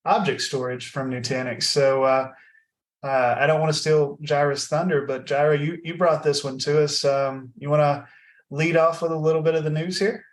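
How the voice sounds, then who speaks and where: A man hosting a tech podcast in a casual, friendly way, often pausing with fillers. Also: on the high side. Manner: friendly, halting, many fillers. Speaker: podcast host.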